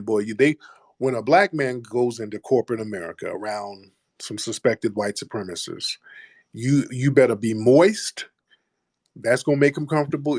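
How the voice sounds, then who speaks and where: A man's voice: medium pitch, a little mellow, dry recording. A man hosting a call-in talk show, speaking bluntly and mocking callers. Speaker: host.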